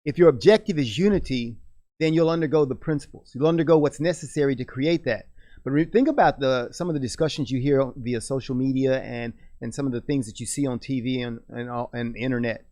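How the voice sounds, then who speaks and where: Fast-talking earnest middle-aged man. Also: mid-range voice, dark tone. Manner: earnest, rapid, with many restarts. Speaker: radio host. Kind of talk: conversational discussion.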